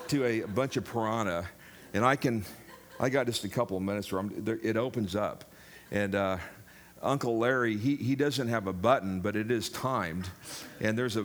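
A man's voice: fairly low pitch, fairly bright tone. Older man preaching, jokey and rambling. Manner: jokey, rambling, addresses congregation directly. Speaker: pastor. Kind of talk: sermon.

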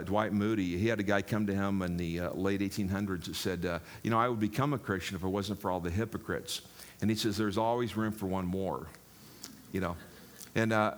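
An older man preaching a sermon in a jokey, rambling way, talking straight to the congregation. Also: lowish voice. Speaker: pastor.

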